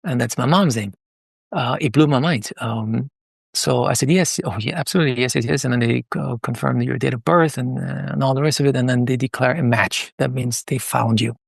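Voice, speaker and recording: A middle-aged man from Iran speaks as a podcast guest, his voice gravelly and rough at the edges. He tells stories in a lively, halting way, full of fillers and restarts, at a mid pitch. The sound is dry and close, with no room echo. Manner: animated, hesitant with many fillers and restarts. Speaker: podcast guest, palm leaf reading moderator. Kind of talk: conversational interview storytelling.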